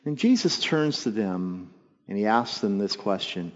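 A man preaching a sermon, telling the story with lively asides and acting out the voices of the people in it. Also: measured pace. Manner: animated storytelling, acts out voices with jumps in pitch and volume. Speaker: pastor. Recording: long hall reverb, dull lo-fi sound.

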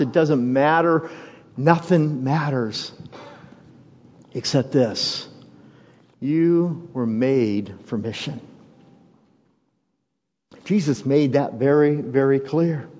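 A man's voice: fairly high pitch, takes it slowly, long pauses, darkish tone. Emphatic male pastor preaching in a hall. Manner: emphatic, repeats key phrases for weight. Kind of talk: sermon. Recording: dull lo-fi sound with long hall reverb.

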